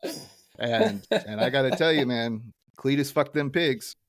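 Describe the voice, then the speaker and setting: A man co-hosting a podcast, casually recapping a cartoon episode in a laid-back way, his voice dropping low at the ends of lines. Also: animated, measured pace. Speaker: podcast co-host.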